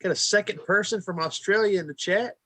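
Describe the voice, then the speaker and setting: A man's voice: sits high, fairly quick, a bit bright, dry recording. A man co-hosting a podcast, reading chat comments aloud in casual group talk. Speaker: podcast co-host.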